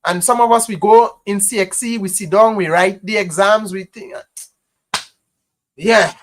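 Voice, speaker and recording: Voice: medium pitch, a little slow, a little hiss or hum. A Grenadian-accented voice hosting a live stream, speaking to viewers in a loose, conversational way. The delivery is impassioned and insistent, with lots of repetition and frequent "you know" fillers. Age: adult parent.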